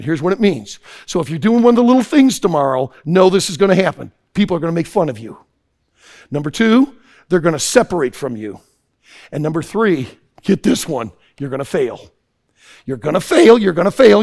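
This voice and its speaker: Impassioned high-voiced man preaching. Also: creaky. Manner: impassioned, swings from hushed to shouting. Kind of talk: sermon to a youth audience.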